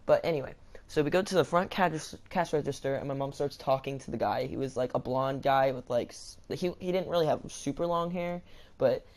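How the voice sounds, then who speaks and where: A man's voice: mid-range voice, fairly quick. Casual storytime vlogger, young male, stammers and restarts, rambling delivery. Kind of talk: storytime vlog.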